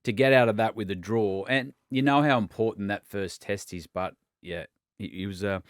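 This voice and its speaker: A man co-hosting a podcast, relaxed and chatty, often saying mate. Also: lowish voice, moderate pace, dry recording, clean studio sound. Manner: relaxed, says "mate" a lot, repeats words. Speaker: co-host, former cricketer. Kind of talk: casual chat.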